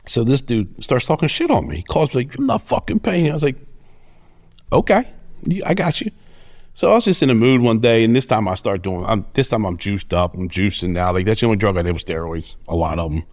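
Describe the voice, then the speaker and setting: A middle-aged man telling stories in a fairly low voice that swings up and down a lot. He swears freely and brags. His delivery is loose and conversational. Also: fast, few pauses. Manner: profane, cocky, animated storyteller. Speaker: interview guest. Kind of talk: casual storytelling.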